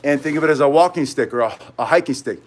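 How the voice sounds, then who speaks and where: A man's voice: on the high side, fast, slight background noise. A middle-aged man teaching martial arts in a casual live tutorial, chatting with viewers and wandering off on tangents. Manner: rambling, chatty, goes off on tangents.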